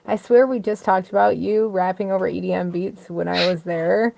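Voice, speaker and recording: A woman's voice: mid-range voice, fairly even intonation, moderate pace, creaky, noisy background. A woman with a Canadian accent giving a casual music review, chatty and giggly, with many fillers. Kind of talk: casual chat.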